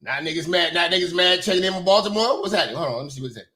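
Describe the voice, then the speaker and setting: A man hosting a livestream, talking casually, loud and profane, joking and laughing often. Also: sits high, rapid-fire. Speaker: livestream host.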